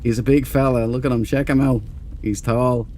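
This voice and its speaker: A man's voice: mid-range voice, steady tone, normal speed, darkish tone, a little hiss or hum. A man hosting a casual game stream, chatty and self-mocking, greeting viewers in chat by name. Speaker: gaming livestream host.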